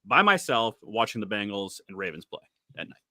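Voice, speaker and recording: A man's voice: fairly low pitch, very animated, a little fast, pushed and bright, no room sound, clean studio sound. A man with a Boston accent hosting a casual sports podcast, putting questions to his co-hosts and teasing them with profanity. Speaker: podcast host asking the questions.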